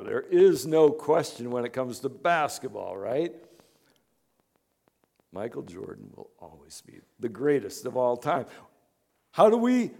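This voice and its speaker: A man pastor giving a conversational sermon, dropping to hushed asides and rising to emphatic points. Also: medium pitch, gravelly. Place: church in Chicago.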